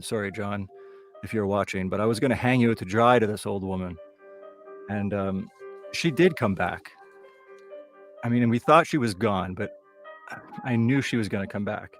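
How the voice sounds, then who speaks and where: Brief: comedian, male, from Toronto, lowish voice, conversational ghost-story telling. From Toronto area, Canada. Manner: conversational, loose, building suspense. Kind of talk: live comic storytelling.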